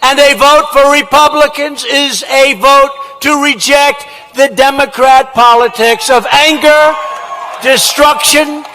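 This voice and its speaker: Guy yelling at a big rally in an indoor hall, real high and bright voice, keeps repeating himself. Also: fairly even intonation, slow. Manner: shouting, emphatic, repetitive phrasing. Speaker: politician at a rally. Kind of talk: campaign rally speech.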